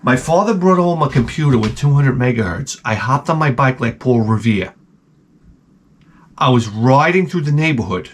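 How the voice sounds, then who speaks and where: A man hosting his channel, telling comedic stories in a loud, animated, profane rant and acting out people in high, shouted voices. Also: moderate pace, a little hiss or hum. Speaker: channel host.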